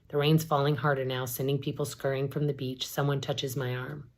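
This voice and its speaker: A woman, an English professor, reading a novel aloud in a steady, measured narration. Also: very deep voice.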